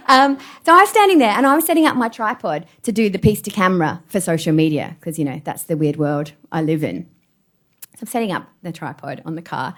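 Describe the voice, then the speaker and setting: A woman in her forties giving a public talk from a stage, telling self-deprecating personal stories with plenty of laughter. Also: on the low side. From Australia. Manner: animated storyteller, self-deprecating, laughs often. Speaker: keynote speaker.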